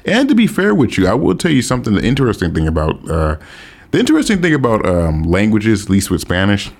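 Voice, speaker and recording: A man giving casual, profane advice to his viewers, animated and emphatic, often repeating himself. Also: on the low side, fast, vocal fry. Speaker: language learning vlogger. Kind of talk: casual advice monologue to camera.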